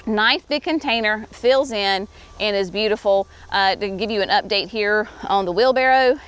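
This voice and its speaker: A woman's voice: mid-range voice, moderate pace, fairly bright tone, clean tone. A woman hosting a casual walkthrough of a plant nursery, chatty and enthusiastic, saying "y'all". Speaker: garden center host.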